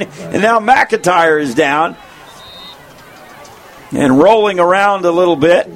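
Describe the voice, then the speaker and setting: A man calling play-by-play at a football game, quick and excited, shouting on big plays, his voice going hoarse. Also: high voice. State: losing his voice. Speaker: play-by-play announcer. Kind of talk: play-by-play sports commentary.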